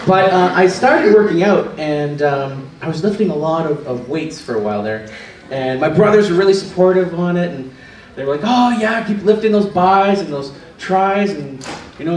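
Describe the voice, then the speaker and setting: Animated man telling stand-up stories. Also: sits high, slight background noise. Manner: animated, laughing at own jokes. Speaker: stand-up comedian. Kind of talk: stand-up storytelling. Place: small comedy stage with live audience. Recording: echoey stage from a distance with crowd.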